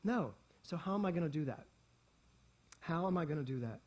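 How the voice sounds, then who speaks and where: Animated, husky-voiced male pastor. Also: on the high side, fairly quick. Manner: animated, repeats key lines for emphasis, playful asides. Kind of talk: sermon. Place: spiritual center service hall with congregation.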